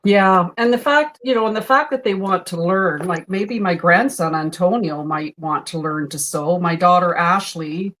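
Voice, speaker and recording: A woman's voice: fairly low pitch, normal speed, few pauses, a bit bright. A woman in her sixties hosting a sewing stream, chatting in a storytelling way while she works. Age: 60s. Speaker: host. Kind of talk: casual chat while sewing.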